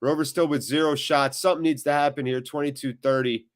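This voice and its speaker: A chatty man hosts a live match watchalong, talking fast in a fairly high voice with fairly even intonation. He mixes live match commentary with reading chat and reacts loudly to the big moments.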